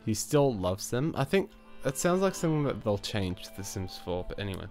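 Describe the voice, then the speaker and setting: A man's voice: fairly low pitch, very animated, a little fast, darkish tone, faint music behind. A man with a stuffed-up cold, casually commenting on his life-sim game with lots of fillers, restarts and chuckles. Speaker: gaming channel host. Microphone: new desk microphone.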